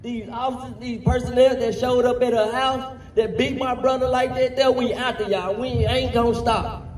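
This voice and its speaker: A man speaking fiercely and defiantly at a rally for his brother who died, rising at times to shouts, recorded from afar with echo and noise. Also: very high voice, steady tone, moderate pace. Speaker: family member of the deceased, rally speaker. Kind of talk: impassioned rally speech. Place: public rally. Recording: echoey, distant, noisy outdoor rally recording.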